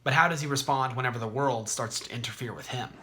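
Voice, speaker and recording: A man hosting an explanatory video, talking in a conversational, clear way. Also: medium pitch, fast talker, pushed and bright. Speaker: host.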